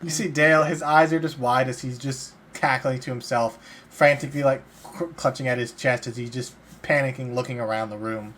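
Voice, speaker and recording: A man narrating as game master in a tabletop game, calm and plain, slipping into short character lines. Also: medium pitch, a little fast, hardly any pauses.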